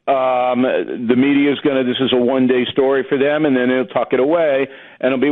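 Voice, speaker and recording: A man's voice: medium pitch, steady tone, brisk. Opinionated guy on a talk radio phone-in, blunt and punchy, tinny phone sound. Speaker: political commentator guest.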